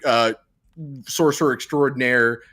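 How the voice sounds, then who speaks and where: A man's voice: mid-range voice, steady tone, measured pace, pushed and bright. A man co-hosting a podcast, animatedly recapping a film, laughing often and acting out the scenes. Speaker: podcast co-host. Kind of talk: casual movie recap chat.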